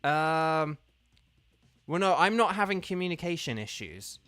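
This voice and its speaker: A man's voice: on the high side, big pitch swings, a little slow, fairly bright tone, clean tone, no echo, soft background music. A man streaming a game live, patiently explaining steps to his viewers in a casual, chatty way full of fillers.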